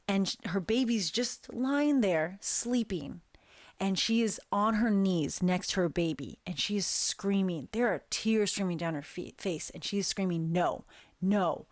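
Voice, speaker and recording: Slow, hushed woman telling a dark story. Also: mid-range voice, no echo. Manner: slow, hushed, deliberate with long pauses. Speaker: guest storyteller. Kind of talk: dramatic personal storytelling.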